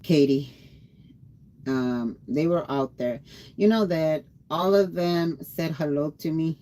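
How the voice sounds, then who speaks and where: A woman's voice: low-pitched, takes it slowly, dark tone. A tired woman livestreamer chatting casually and rambling, greeting her viewers by name. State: tired after a long day.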